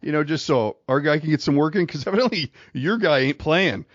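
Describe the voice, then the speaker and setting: A man's voice: on the high side, animated, fairly quick, dry recording, dull audio. A middle-aged man co-hosting a podcast, telling a long rambling story in casual chat and laughing through it. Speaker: podcast co-host.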